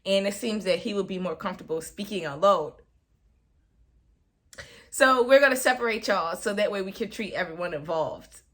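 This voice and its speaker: A woman doing a soft, hesitant doctor. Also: medium pitch, expressive, moderate pace, lightly acted. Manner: soft, careful, hesitant delivery. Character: calm, hesitant female doctor.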